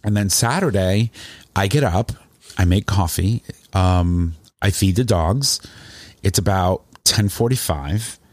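A man with a low, voice recounts a story in loose, rambling chat, animated and emotional as he goes. The sound is close and dry, with no room around it. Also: takes it slowly, no echo.

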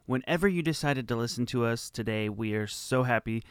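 A man's voice: mid-range voice, a little fast, clear, resonant tone, no echo, clean studio sound. A man hosting a podcast, upbeat and friendly in casual chat, with a few stumbles. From Midwest of the United States. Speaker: podcast co-host.

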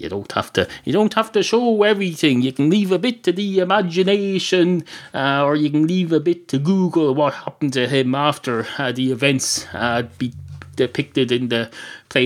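An Irish man hosting a solo podcast, rambling through digressions with dry, self-mocking humor. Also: mid-range voice. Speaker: podcast host.

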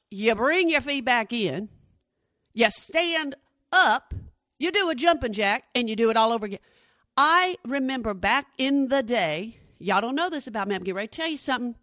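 A woman in her forties does stand-up, speaking straight to the crowd and playing out every voice in her story. Her voice sits a little high. The lapel mic gives a close, dry sound with no room echo. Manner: animated, addresses the audience directly, acts out quoted voices. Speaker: stand-up comedian.

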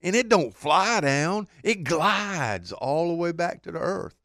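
A man voicing amazed rednecks in a joke, with a drawling Southern redneck accent and high, incredulous voices. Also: animated, slow, a bit bright, no room sound, clean studio sound, full character voice. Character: three rednecks from a joke, factory lunchroom workers.

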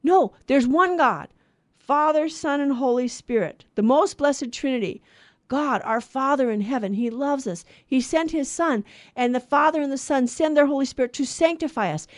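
A woman co-hosting a Bible radio show, teaching in an earnest manner and listing virtues and sins in a steady, measured cadence. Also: high-pitched, no room sound, clean studio sound.

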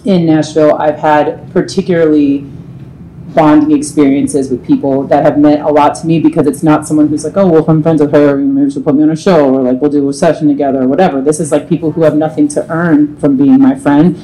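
A woman's voice: low voice, brisk, slight background noise, rough recording. A woman singer, a guest on a live panel at a bar, telling candid and profane stories. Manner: profane, animated storyteller.

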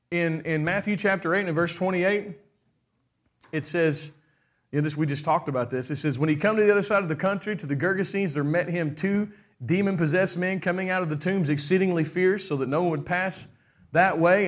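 A middle-aged man preaching a sermon with animated delivery, putting on quoted voices and asking the congregation questions. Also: high-pitched, moderate pace. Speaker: pastor.

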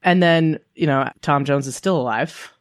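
A woman's voice: low-pitched, moderate pace. A woman co-hosting a podcast, telling family stories in a rambling, casual way with lots of "like". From Canada. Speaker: podcast co-host. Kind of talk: casual chat.

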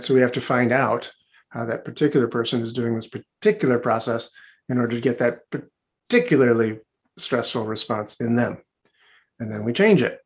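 A man working as a hypnotherapist, answering interview questions in a chatty, rambling way with many restarts and asides, over a video call. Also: mid-range voice.

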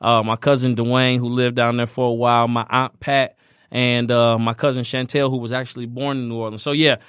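A man's voice: mid-range voice, flat delivery, fairly quick, fairly bright tone, clear, resonant tone, dry recording, studio quality. A man hosting a podcast who tells stories in a casual, easygoing way, with lots of "man" and "you know.". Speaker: podcast host. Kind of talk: casual conversation.

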